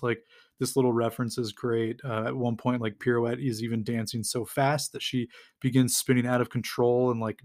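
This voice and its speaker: American guy rambling through a comic recap, lots of ums, mid pitch. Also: a little mellow. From United States. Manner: rambling, lots of fillers, acts out quotes lightly. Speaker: podcast host. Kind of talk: casual comic-book recap.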